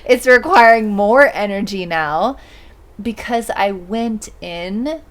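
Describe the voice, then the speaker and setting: A woman's voice: mid-range voice, animated, takes it slowly, a bit bright. A woman hosting a podcast, chatting candidly and reflectively. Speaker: podcast host. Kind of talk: podcast conversation.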